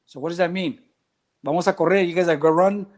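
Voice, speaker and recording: Middle-aged coach, a slightly high male voice, animated, plays out every quoted voice. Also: quick pace. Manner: animated, acts out quoted voices, mixes in Spanish phrases. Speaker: track and cross country coach. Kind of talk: casual interview storytelling.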